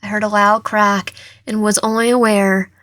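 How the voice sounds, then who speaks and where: A woman's voice: mid-range voice, flat delivery, moderate pace, a bit bright, no room sound. A young woman hosting a gaming channel, reading a visual novel aloud dramatically with commentary, often stumbling and restarting words. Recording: faint game music behind.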